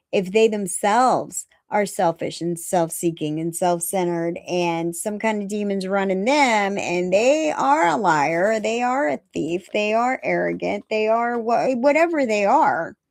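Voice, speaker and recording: A woman in her fifties talks in a casual, blunt way, leaning on repeated phrases for emphasis and poking fun at herself. Her voice sits at an ordinary middle pitch, and the sound is close and dry with no room around it. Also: darkish tone, dry recording. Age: 50s. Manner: blunt, self-mocking, laughs at her own jokes. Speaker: recovery meeting host. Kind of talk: casual live-stream talk.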